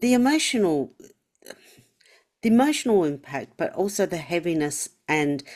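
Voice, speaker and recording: A woman's voice: low-pitched, darkish tone. A woman hosting a podcast interview, empathetic, asking long and thoughtful questions. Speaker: podcast host. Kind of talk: conversational interview.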